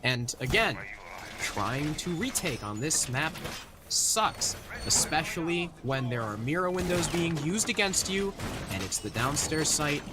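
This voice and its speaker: A man's voice: fairly high pitch, lively intonation, measured pace. A man giving casual color commentary on an esports match, breaking down plays. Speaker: esports caster. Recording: noisy broadcast with game sounds.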